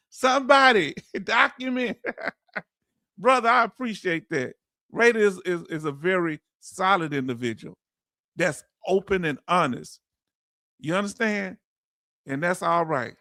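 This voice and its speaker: A man's voice: high voice, bright, forceful tone, no echo, clean studio sound. Heartfelt Texan man hosting a livestream. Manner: heartfelt, emotional, calls viewers family. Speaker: livestream host reading viewer chat. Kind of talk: casual livestream chat.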